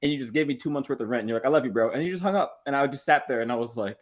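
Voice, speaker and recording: A man telling a heartfelt family story on a podcast, acting out the voices in it as he goes. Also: mid-range voice. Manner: fast and expressive, acts out the voices in his story. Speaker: podcast co-host, one of the brothers. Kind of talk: casual storytelling among brothers.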